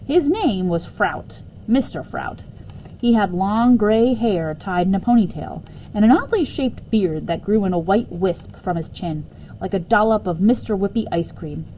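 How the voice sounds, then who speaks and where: A woman reading a children's chapter book aloud with expressive, dramatic storytelling. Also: medium pitch, a little slow, slight background noise, rough recording.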